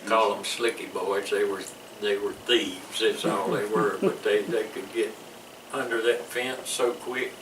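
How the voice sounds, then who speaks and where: A man's voice: fairly low pitch, steady tone, unhurried, hardly any pauses. An older man with a Southern US accent, recalling his military service in a rambling, chuckling interview style. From American South. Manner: rambling storyteller with frequent restarts and chuckles. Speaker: veteran interviewee. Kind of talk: casual oral-history recollection. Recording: echoey room, distant mic, noisy.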